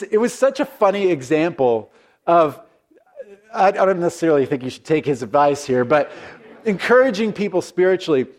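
A man preaching a conversational sermon as a pastor, telling stories in an earnest, folksy way with frequent restarts. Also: medium pitch.

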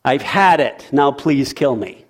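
A preacher doing a worn-out despairing prophet. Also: male voice, medium pitch, lively intonation, a little slow. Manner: complaining, pleading, emphatic lists.

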